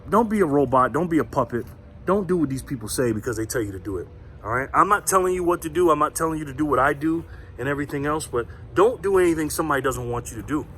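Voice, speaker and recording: A man's voice: on the high side, a little hiss or hum. Fired-up man telling a story. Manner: defiant, confrontational, says so himself; animated retelling with laughs. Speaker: vlogger. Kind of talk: casual storytelling rant.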